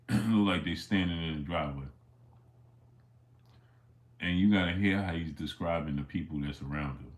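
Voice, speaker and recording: With a deep voice and frequent pauses, this male sports streamer tells a casual story at a moderate pace. His telling rambles with fillers and restarts, interrupted again and again to greet viewers in chat by name.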